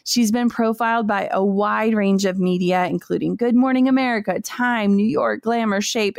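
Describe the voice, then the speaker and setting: A woman host reads scripted introductions to past episodes in an earnest, admiring tone. Her voice sits at a middle pitch and sounds dry and close to the microphone. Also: no echo. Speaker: podcast host. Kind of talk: scripted narration introducing clips.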